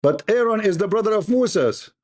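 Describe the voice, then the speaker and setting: A man's voice: high voice, lively intonation, moderate pace, darkish tone. A man who grew up in the Arab world, a native Arabic speaker, hosting a heated debate, insistent, repeating his questions and cutting in. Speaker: debate host.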